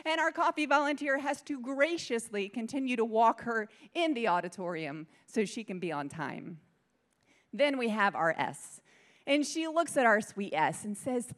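A woman preaching as a pastor, telling a story in an animated way. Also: on the high side, normal speed. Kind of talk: sermon with story.

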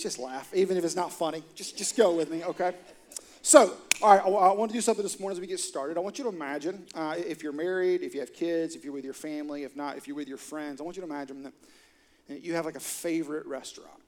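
A middle-aged man preaching as a pastor, telling a story and joking with the congregation. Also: on the high side. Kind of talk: sermon with storytelling. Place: church auditorium.

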